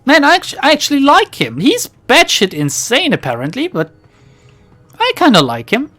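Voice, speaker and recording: Brief: streamer, rambly and giggly, lively swinging pitch. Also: normal speed, faint music behind. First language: German. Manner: rambling, laughing, tangential. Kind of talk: casual let's play chat.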